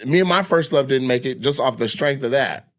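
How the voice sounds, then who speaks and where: A young adult man from Washington state, a comedian hosting a casual chat, telling stories with profane, animated outbursts and acted-out voices. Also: mid-range voice, a little fast. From Washington state, USA. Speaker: comedian podcast host.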